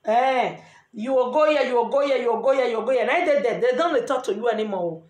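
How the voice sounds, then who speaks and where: A middle-aged woman with a Nigerian Pidgin English accent, earnestly giving lively advice in a casual vlog. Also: fairly high pitch, quick pace. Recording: echoey room.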